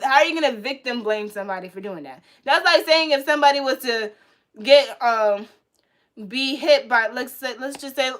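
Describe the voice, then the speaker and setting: Brief: woman livestreamer, fairly high voice, blunt and cussing, goes from loud to muttering. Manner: blunt, profane, animated, swings from loud to muttering. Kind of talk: casual rant to viewers.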